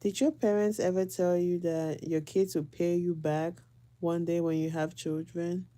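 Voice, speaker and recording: Low-voiced mother vlogging casually. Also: fairly even intonation, measured pace, mellow. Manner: repeats herself for emphasis, often laughing. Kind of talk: casual chat to camera.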